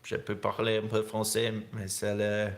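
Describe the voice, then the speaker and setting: A young man from England chats casually on a livestream. His voice sits fairly low, and he talks in a rambling, laid-back way. He laughs often and calls people dude. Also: completely flat delivery, moderate pace, creaky. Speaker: snowboard vlogger hosting a livestream. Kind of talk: casual live-stream chat.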